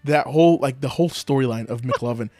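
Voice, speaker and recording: A man's voice: fast, no echo, faint music behind. A young man co-hosting a casual podcast, talking animatedly, laughing often and acting out movie lines. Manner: animated, laughs often, acts out movie quotes in high voices. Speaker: podcast co-host. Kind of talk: casual chat.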